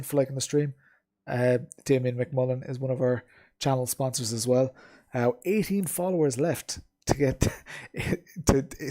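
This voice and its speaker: A man hosts his own sim racing livestream in an easygoing, rambling way, often pausing on um and uh. His voice sits at an ordinary middle pitch for a man. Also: warm tone. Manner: chatty, rambling, lots of ums and uhs. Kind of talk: casual livestream chat while gaming.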